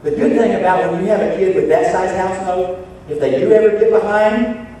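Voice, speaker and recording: An older man preaching a sermon, swinging between loud shouted points and quiet, joking asides to his congregation. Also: sits high, steady tone, brisk, a little hiss or hum. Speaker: pastor. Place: church sanctuary. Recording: echoey church hall from far off.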